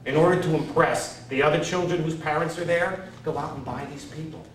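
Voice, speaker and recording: A man's voice: fairly high pitch, steady tone, a little fast, a little hiss or hum. A man from Connecticut doing stand-up comedy, brash and self-mocking, chatting with the crowd from a stage. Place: theater stage. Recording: echoey hall, distant mic, audience audible.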